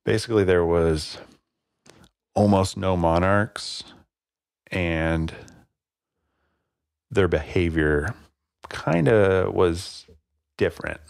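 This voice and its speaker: A man's voice: low-pitched, slow, gravelly, pauses often, no room sound, studio quality. A man hosting a podcast alone, talking casually and rambling a little, with plenty of fillers. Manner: relaxed, rambling, many fillers. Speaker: podcast host. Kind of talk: casual solo podcast talk.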